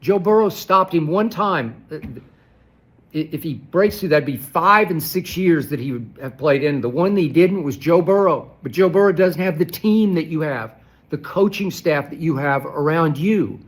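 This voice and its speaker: A man's voice: on the high side, moderate pace. A man arguing hard as a sports commentator, firing rhetorical questions and repeating key phrases for emphasis. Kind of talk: heated sports debate commentary.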